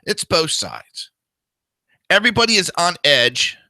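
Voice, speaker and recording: Speaking a little slowly but very animated, this man has a slightly high voice with a sharp tone and no room sound. He hosts a political talk show with a New Jersey accent, ranting in a crude, combative opinion monologue and doing whiny mocking impressions.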